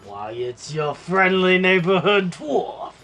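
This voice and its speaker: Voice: mid-range voice, very animated, slow, fairly bright tone, exaggerated voice. A performer voicing a shape-shifting vulture henchman disguised as a dwarf, flippant and slangy. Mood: sly.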